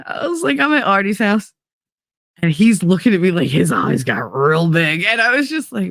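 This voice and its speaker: A woman's voice: medium pitch, very animated, moderate pace, creaky, a bit bright, no room sound, clean studio sound. A middle-aged woman, telling a story in casual, profane podcast chat, laughing and acting out the voices of the people in it. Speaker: podcast host.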